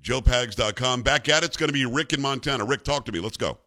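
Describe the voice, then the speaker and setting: A middle-aged man hosting a talk radio show, speaking in a brisk, emphatic, bantering way. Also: mid-range voice, bright, forceful tone.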